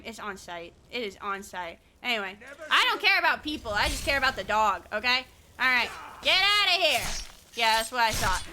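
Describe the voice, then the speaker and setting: A woman streamer chatting casually while she plays, excitable and quick to swear, often breaking into laughter. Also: high voice. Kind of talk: casual live-stream chat.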